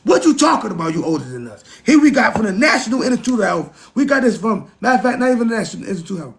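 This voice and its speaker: A man's voice: high voice, sing-song, very fast. A man hosting a casual livestream, talking to his chat in an emphatic, repetitive way. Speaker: livestream host.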